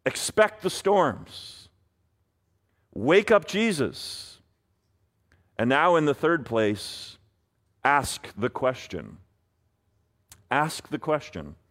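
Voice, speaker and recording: A man's voice: on the high side, sing-song, very slow, long pauses, a bit bright. A man preaching a sermon as pastor, earnestly voicing pleading prayers.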